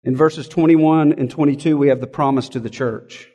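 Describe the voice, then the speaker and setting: A man's voice: on the high side, fairly even intonation, moderate pace, mellow, long reverb tail. A man, a pastor, preaching a sermon in an earnest, emphatic way, often asking rhetorical questions.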